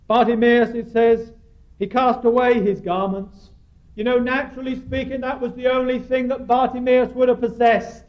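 A man preaching an evangelistic sermon, earnest and pleading, his voice rising for emphasis and dropping low at key words. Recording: dull lo-fi recording.

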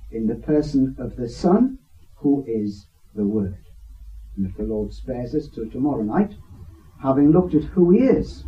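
A man speaking slowly and earnestly as he leads a Bible study discussion. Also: mid-range voice. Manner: slow, deliberate, earnest. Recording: distant, dull lo-fi recording.

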